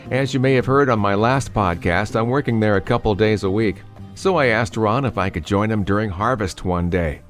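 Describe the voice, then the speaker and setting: A man hosting a podcast, narrating scripted introductions in a measured way and asking interview questions. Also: on the low side, faint music behind. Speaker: podcast host.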